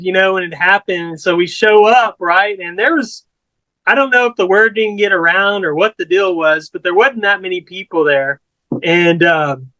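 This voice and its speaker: A man's voice: high voice, fairly bright tone, dry recording, low-quality recording. A man from Corpus Christi, Texas, telling a story as a guest musician in a laid-back, rambling way with casual swearing.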